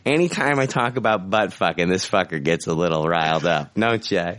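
A man's voice: deep voice, expressive, brisk, hardly any pauses, a bit bright. A man co-hosting a casual podcast, swearing, laughing and rambling through the banter. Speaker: podcast co-host.

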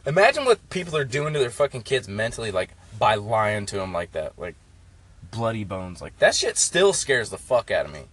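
A man's voice: fairly low pitch, big pitch swings, moderate pace, a bit bright, slightly rough. A young man telling stories in a casual, profane, rambling way, full of "like". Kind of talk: casual storytelling chat. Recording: faint background noise.

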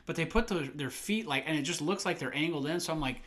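A man's voice: fairly high pitch, fast talker. A man co-hosting a casual movie podcast, telling stories with lots of laughter and acted-out quotes. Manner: animated storytelling, laughs often, acts out quotes. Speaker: podcast co-host.

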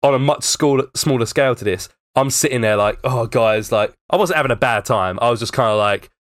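A man's voice: mid-range voice, brisk, a bit bright, dry recording, studio quality. A young man in casual podcast chat, rambling through a story with plenty of fillers and swearing.

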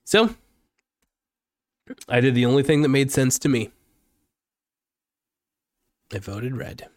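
A political vlogger rants into a close mic in an unscripted, heated monologue, angry, rambling, and swearing often. His middle-pitched voice is slow and dry, with no room echo at all.

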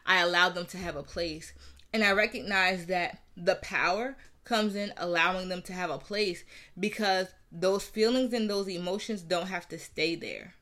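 Earnest, bright-voiced woman sharing openly. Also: lowish voice. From New Jersey. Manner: earnest, candid, repeats phrases for emphasis. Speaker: mother sharing her story. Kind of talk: personal reflective talk.

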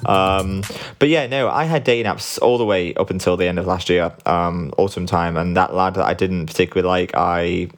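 Low-voiced guy doing his podcast at bedtime, sleepy, rambly, swears a bit. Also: normal speed. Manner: rambling, candid, swears casually. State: sleepy, relaxed. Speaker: podcast host. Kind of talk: casual solo podcast chat. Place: at home at night.

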